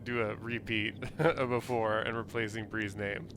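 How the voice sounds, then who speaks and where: A man's voice: on the low side, level tone, measured pace, background noise. A man playing a cleric in a tabletop game, chatting casually and laughing often at himself. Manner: laughs often, self-mocking. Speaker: player.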